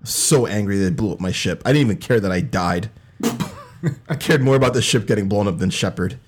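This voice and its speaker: A man's voice: lowish voice, brisk, noisy background. A man hosting a podcast, chatting casually and steering from one topic to the next. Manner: animated, runs the segments. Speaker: podcast host. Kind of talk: casual chat.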